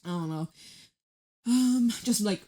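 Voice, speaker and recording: A woman's voice: mid-range voice, lively intonation, takes it slowly, mellow. A woman giving a casual tarot reading, chatty and emphatic, who swears freely. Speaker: tarot reader.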